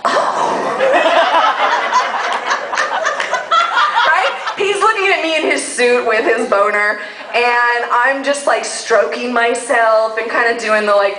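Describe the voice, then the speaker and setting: A woman telling a bawdy story live on stage, expressive and laughing often, captured on a phone in an echoey room. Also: mid-range voice, slight background noise. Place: live venue with audience. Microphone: phone recording.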